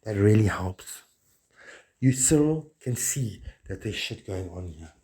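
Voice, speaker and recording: A man's voice: fairly low pitch, animated, measured pace, mellow. A man delivering a rambling, grandiose monologue, preachy and swearing often.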